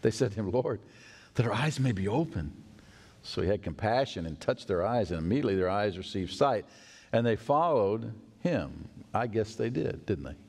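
A male pastor preaching a sermon in a church, animated and acting out the voices of people in the story. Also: on the low side, normal speed, husky. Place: church sanctuary. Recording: long church hall reverb.

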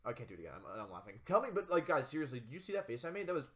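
A young man giving casual, chatty commentary while playing a video game, excitable with jokey asides. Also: medium pitch, rapid-fire. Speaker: let's play gamer.

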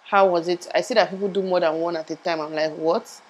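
A young woman talks to her viewers in a rambling, chatty way, often laughing at herself. Her voice sits on the low side and is a little muffled, as she is still sore from a tooth surgery. It is recorded close on a lapel mic. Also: fairly even intonation, quick pace, a little hiss or hum. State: in pain after tooth surgery, speech a bit muffled. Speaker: vlogger. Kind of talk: casual vlog chat.

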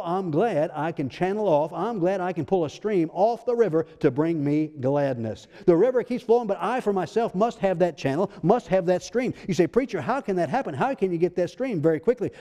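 A man preaches a sermon, his voice sitting a little high for a man yet mellow and dark in tone. He presses his points with repeated rhetorical questions and rising emphasis. The sound carries a long reverb from a church hall. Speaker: pastor. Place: church sanctuary.

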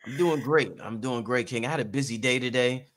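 A man's voice: medium pitch, brisk, crowd noise. Slangy, easygoing male show host. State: a little tired. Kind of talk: casual chat.

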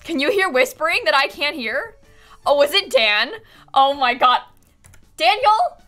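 A woman's voice: high-pitched, lively intonation, normal speed, pushed and bright, faint music behind. A young woman streamer chatting casually from her room at home, giggling often and apologizing a lot as she rambles. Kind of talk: casual live-stream chat.

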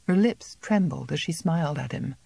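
A woman's voice: sits low, animated, moderate pace, creaky, mellow, breathy edge, no echo. Woman reading a novel, dry and close. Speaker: audiobook narrator. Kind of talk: scripted narration.

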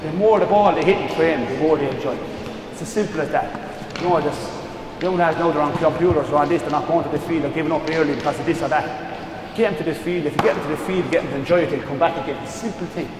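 Man, hurling coach, quick clipped instructions, fast pace, high-ish voice, echoey hall, loud noise around. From Ireland. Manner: shouting short drill instructions and encouragement. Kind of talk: outdoor coaching drill then Q&A.

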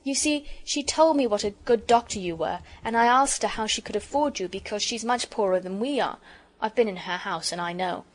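An earnest, polite young girl from a children's storybook, eager and a little shy, voiced by a woman reading aloud. Her voice is lifted a touch above the reader's own middle pitch. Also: brisk, close to an everyday voice.

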